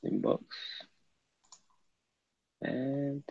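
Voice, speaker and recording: Very slow and completely flat, a creaky medium-pitched male voice belongs to a livestream host who reads comments, sets up links, and mutters and chats to himself as he goes. The audio is dry, dull, and lo-fi.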